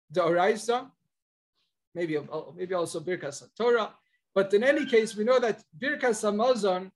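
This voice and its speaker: A male rabbi giving a Torah lesson as guest speaker, quoting Hebrew and Aramaic texts and retelling them in a lively, storytelling way. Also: high-pitched. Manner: cites Hebrew and Aramaic texts, then explains.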